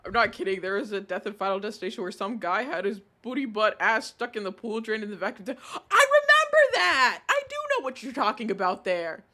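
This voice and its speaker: A man on a live stream reads out chat messages and reacts to them in an animated, exasperated way, swearing freely. His voice has a bright, forward edge. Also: high voice, quick pace, hardly any pauses.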